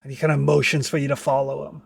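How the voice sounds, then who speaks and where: A man's voice: mid-range voice, little pitch movement, fast, vocal fry, breathy edge, dry recording, clean studio sound. A man narrating a tabletop game as game master, rambling with many filler words.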